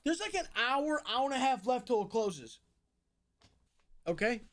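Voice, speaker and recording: High-voiced young man telling a wild story. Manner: animated, swears a lot, jumps between fast narration and loud outbursts. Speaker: streamer. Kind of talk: casual storytelling to a live stream audience.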